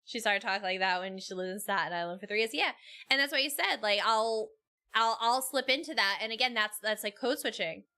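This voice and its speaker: A woman's voice: on the high side, a little fast, bright, forceful tone, clear, resonant tone. A woman from New York with a Brooklyn accent, chatting casually as a stream co-host and restarting her sentences often. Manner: chatty, repeats herself and restarts. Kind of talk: casual chat.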